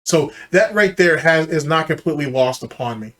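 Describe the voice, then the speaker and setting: A man's voice: on the high side, expressive, normal speed, fairly bright tone. A man hosting a reaction commentary, cutting in with mocking, profane, sarcastic remarks about the clip he is watching. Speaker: commentary channel host.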